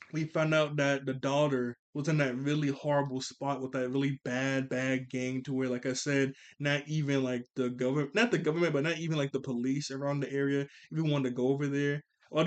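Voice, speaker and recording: A man casually recapping a movie, rambling and excitable, often correcting himself mid-sentence. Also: mid-range voice. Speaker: movie reviewer.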